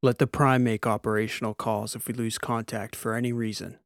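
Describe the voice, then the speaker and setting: Man doing dry sarcastic squad leader, commanding, gravelly, dry close sound. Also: lowish voice, flat delivery, brisk, no room sound, close to an everyday voice. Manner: dry, sardonic. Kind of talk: audiobook character voice.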